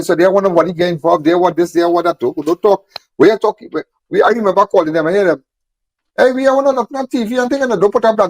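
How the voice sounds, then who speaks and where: Emphatic man, high voice. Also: dry recording. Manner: emphatic, repeats phrases, rapid-fire rhetorical questions. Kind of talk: impassioned on-camera talk.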